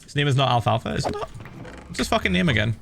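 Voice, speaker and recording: A man's voice: fairly high pitch, sing-song, very fast, gravelly, over music. A man streaming a game, chatting casually and animatedly, swearing and laughing often. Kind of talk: casual livestream chat while gaming.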